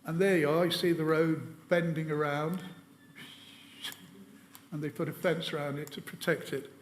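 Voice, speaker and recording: A man's voice: a little high, little pitch movement, moderate pace, in a large hall. A man giving an illustrated presentation to an audience. He tells wry anecdotes and often hesitates with fillers. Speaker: lecturer.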